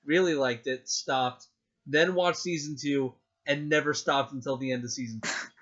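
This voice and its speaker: A young man rambles excitedly through a casual podcast chat, with plenty of fillers along the way. His voice sits at an ordinary middle pitch. The recording sounds dull and lo-fi. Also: moderate pace. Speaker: podcast co-host.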